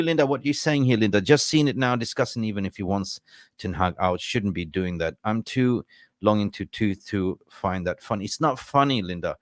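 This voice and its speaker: A man's voice: on the low side, dry recording, clean studio sound. A man hosting a casual football live stream, chatty and rambling, ranting in frustration with jokes and greeting viewers.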